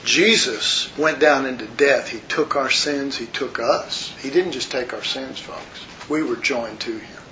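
A man's voice: medium pitch, unhurried, pushed and bright. A man teaching a Bible study in an earnest, rambling, conversational way, talking to his listeners as folks. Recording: muffled lo-fi recording with faint hiss.

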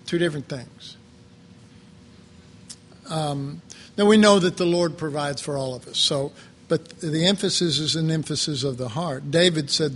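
Male preacher, fairly high voice, slow halting sermon delivery, faint low rumble behind. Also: a bit bright. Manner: slow, halting, reflective, with many pauses and fillers.

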